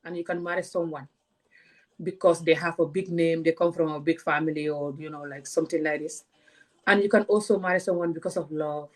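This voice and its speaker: A woman's voice: low-pitched, steady tone, fairly quick. Woman w/ ranting to camera, heated, keeps throwing questions at her viewers. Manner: passionate, confrontational, many rhetorical questions. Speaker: vlogger. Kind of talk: direct-to-camera rant.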